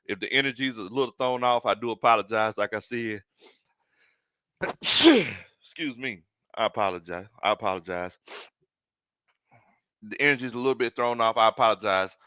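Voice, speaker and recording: A man's voice: lowish voice, normal speed, long pauses, bright, forceful tone, clean tone, no echo. Rambling man hosting a football stream. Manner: rambling, repeats words, reads chat aloud. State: congested from a sinus infection. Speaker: sports live stream host. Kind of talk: casual live-stream football talk.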